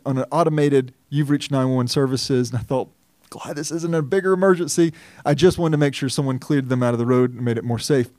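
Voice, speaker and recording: A man preaching a sermon as pastor, earnest and measured, his voice rising when he presses a point. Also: fairly high pitch, a little mellow, dry recording, studio quality.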